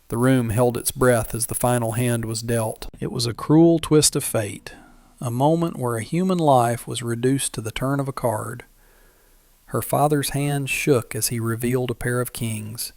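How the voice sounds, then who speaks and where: A man narrating a scripted Western story in a measured, dramatic way, and calling on listeners to comment and like. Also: mid-range voice, fairly even intonation, a little mellow, dry recording, clean studio sound.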